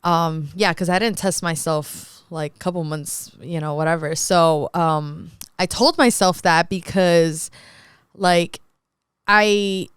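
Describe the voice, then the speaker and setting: A woman's voice: lowish voice, fairly even intonation, slow, clean tone, no echo, studio quality. A young woman co-hosting a podcast in casual chat, talking freely with lots of fillers and frequent laughs. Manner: chatty, laughs often, many "like" fillers. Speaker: podcast co-host.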